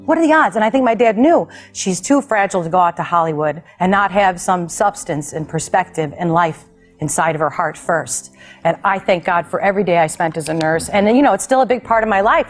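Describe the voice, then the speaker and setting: A woman's voice: lowish voice, fairly quick, faint music behind. Woman talk host telling a heartfelt story. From United States. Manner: animated, emotional storytelling with laughter. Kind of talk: personal storytelling to a guest.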